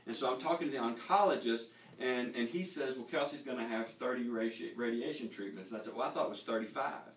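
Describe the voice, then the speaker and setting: A middle-aged man leading a casual Bible lesson in a living room, animated and stumbling on repeated words as he starts sentences. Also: medium pitch, slight background noise. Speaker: Bible study teacher. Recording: echoey room, voice from far off.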